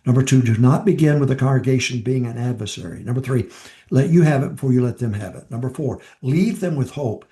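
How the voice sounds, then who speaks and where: A man's voice: mid-range voice, fairly quick, mellow, roomy sound. An older man, a pastor, giving informal advice on preaching and repeating his key lines for emphasis.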